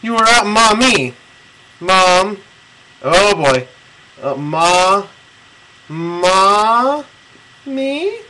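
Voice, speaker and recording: A man's voice: high voice, lively intonation, very slow, long pauses, bright, forceful tone, a little hiss or hum, rough recording. A young man from Michigan rambling casually and profanely while drawing a map for someone, laughing often. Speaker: video replier. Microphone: camera mic close to the face.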